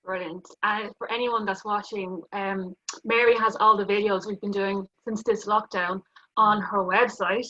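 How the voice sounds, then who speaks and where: A woman's voice: medium pitch, fairly even intonation, a little slow, pushed and bright. A woman who interviews a coach in a friendly, chatty way and asks prompting questions. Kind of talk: casual chat. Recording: dull lo-fi sound.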